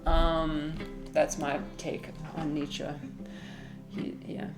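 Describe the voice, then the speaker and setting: Woman streamer, casual livestream chat, lower voice, giggly and rambling, music bed underneath. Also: flat delivery, drawn-out words.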